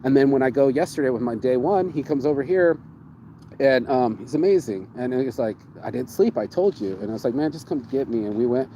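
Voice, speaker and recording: A man hosting a casual chat, telling his travel stories in an excitable, profane way and repeating words for emphasis. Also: mid-range voice, brisk, slight background noise, poor audio. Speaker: show host.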